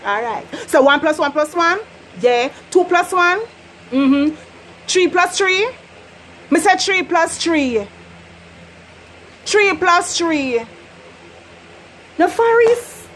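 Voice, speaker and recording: A woman's voice: sits high, a bit bright, a little hiss or hum, poor audio. A Jamaican woman with a casual, playful way of talking, teaching patois in a vlog and often laughing. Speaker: vlogger.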